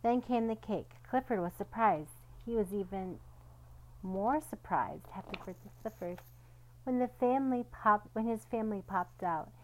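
A woman reads a children's picture book aloud at a middle pitch. Her delivery is gentle and storytelling, and she gives each character a light voice of its own. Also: moderate pace, slight background noise, poor audio. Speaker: storybook reader.

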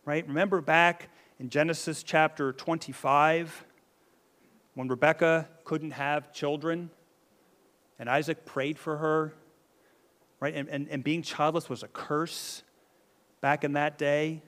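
A man's voice: fairly high pitch, level tone, takes it slowly, long pauses, fairly bright tone. A man preaching a sermon in a conversational way, often checking in with the listeners and restarting his phrases. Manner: conversational, keeps adding "right?", frequent restarts.

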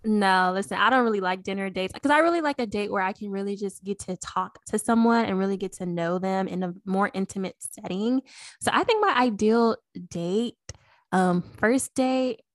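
A woman's voice: mid-range voice, normal speed, dry recording, studio quality. A young adult woman co-hosting a podcast in casual chat, earnest and a bit rambling. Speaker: podcast co-host.

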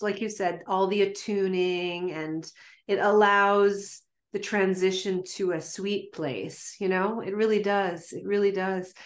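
Woman interview host, affirming and encouraging. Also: mid-range voice. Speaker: podcast host. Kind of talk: interview conversation.

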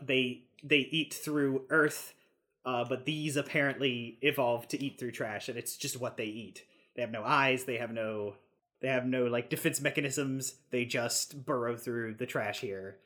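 A man's voice: medium pitch, fairly even intonation, unhurried, sharp tone. A man narrating a tabletop game as game master, in a casual, rambling way with frequent fillers and chuckles.

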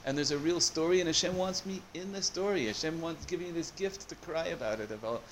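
Animated man teaching a Torah class. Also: on the high side, fast, a little hiss or hum. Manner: animated, searching for words with many restarts.

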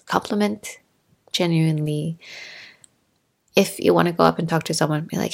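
A woman in her thirties in Norway hosts a solo podcast, chatting casually and telling animated stories with laughter and acted-out quotes. Her low voice is creaky, her pace moderate, and she leaves long pauses.

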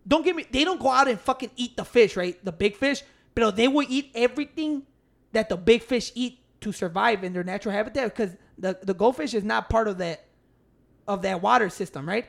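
A man's voice: very high voice, creaky. A man, telling stories emphatically and swearing freely in a casual chat. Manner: profane, emphatic storytelling. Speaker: podcast co-host.

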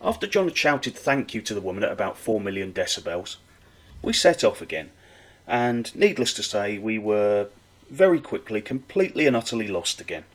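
A man telling a comic anecdote with wry, animated delivery. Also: lowish voice, moderate pace, poor audio. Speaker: storyteller.

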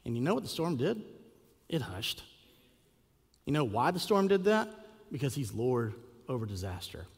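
A man preaching a sermon as a pastor, telling a story with lively acted quotes and rhetorical questions. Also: mid-range voice. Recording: long hall reverb.

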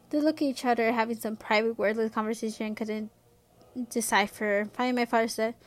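Casual woman reader, a bit high, reads a novel with asides. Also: fairly even intonation, a little fast. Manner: casual, with spoken asides and restarts. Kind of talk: reading a novel aloud.

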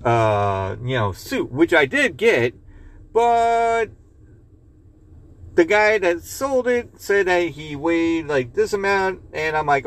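A man's voice: a little high, lively intonation, slow, fairly bright tone, no room sound. A man hosting a podcast in casual chat, rambling loosely, swearing and reading a joke aloud. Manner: rambling, loose, swears and laughs at own jokes. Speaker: podcast host.

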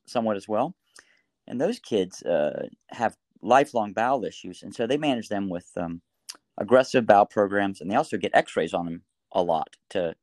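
A middle-aged man, a doctor talking through a story and advice in a casual interview, animated, with frequent restarts. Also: lowish voice, no room sound. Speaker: pediatric doctor guest.

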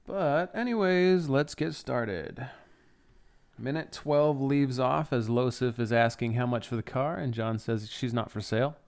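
A young adult man talks through a film one scene at a time, chatty and openly excited, with some swearing. His voice is smooth and resonant. His pitch sits in the middle for a man. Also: a little slow. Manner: chatty and enthusiastic, swears freely. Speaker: podcast host. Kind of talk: casual scene-by-scene film recap.

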